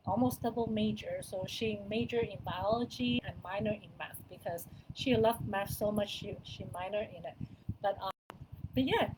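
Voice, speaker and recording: A middle-aged woman giving parents casual, chatty advice to camera, with small grammar slips, repeats and soft laughs. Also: medium pitch, background noise. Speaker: wellness coach talking to parents.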